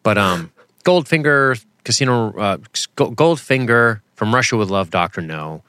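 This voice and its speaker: A man's voice: fairly low pitch, animated, measured pace, a bit bright, clean tone, dry recording. A man co-hosting a podcast in casual chat, wry and rambling, often poking fun at himself. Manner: wry, rambling, self-deprecating. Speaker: podcast co-host.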